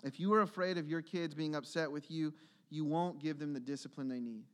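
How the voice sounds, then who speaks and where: A male pastor with a fairly high voice delivers a sermon in a church. He is earnest and builds to emphatic, urgent exhortation. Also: fairly quick.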